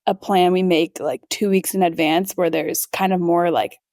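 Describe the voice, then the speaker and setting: A woman's voice: lowish voice, fairly even intonation, normal speed, a little mellow, dry recording, studio quality. A young woman co-hosting a podcast in casual chat, upbeat and enthusiastic, using fillers as she talks. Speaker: podcast co-host.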